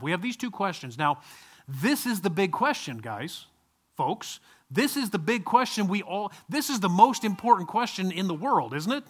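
A middle-aged man preaching a sermon in a conversational, animated way, with asides to his listeners. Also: high-pitched, moderate pace.

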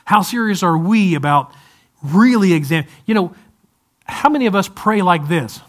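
A man with a fairly high-pitched voice preaches to his congregation. His delivery is loose and conversational, with light humor and frequent restarts. His service is also streamed to viewers at home. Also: animated, moderate pace. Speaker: pastor. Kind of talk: sermon.

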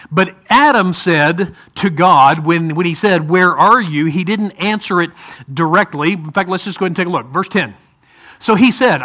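A man's voice: high voice, sharp tone. A man with an Ohio accent teaching a Bible class in a conversational way, often asking the group questions.

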